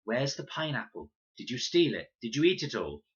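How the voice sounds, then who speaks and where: A man's voice: mid-range voice, sing-song, normal speed, husky, lo-fi sound, pitched above the performer's own voice. A man voicing a fierce, protective girl who bosses her little brother around in a stern, commanding voice. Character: fierce protective older girl, bossy sister.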